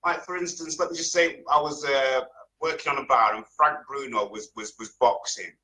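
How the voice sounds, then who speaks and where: A man's voice: medium pitch, normal speed, bright, forceful tone, low-quality recording. A man guesting on a podcast, speaking his mind in casual chat with firm, emphatic opinions. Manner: emphatic, opinionated, drops in punchlines.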